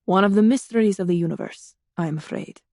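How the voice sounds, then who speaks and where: A woman voicing a mysterious male supernatural being who speaks in a low, soothing, measured way. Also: dark tone, no room sound, clean studio sound, natural voice.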